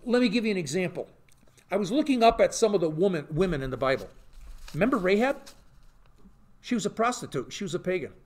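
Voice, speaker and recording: A pastor leads an informal Bible study, his voice rising and falling with lively swings as he teaches. He is a man with a slightly high voice who keeps checking in with his listeners through quick rhetorical questions. His manner is animated and conversational. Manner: animated, peppers talk with rhetorical questions and "okay?".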